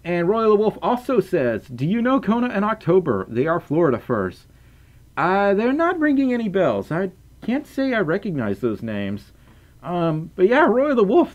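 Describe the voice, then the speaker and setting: Young guy livestreaming, super lively pitch, chatty and playful, lots of stammery restarts. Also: highs cut off. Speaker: livestreamer reading chat and donations. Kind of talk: casual livestream chat.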